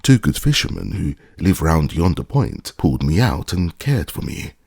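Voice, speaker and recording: A man's voice: deep voice, very animated, normal speed, vocal fry, darkish tone, slightly rough, no echo, clean studio sound, heavily acted. A man voicing a tall, despairing foreign sailor who speaks with a slight lisp and impassioned pleading. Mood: bitter.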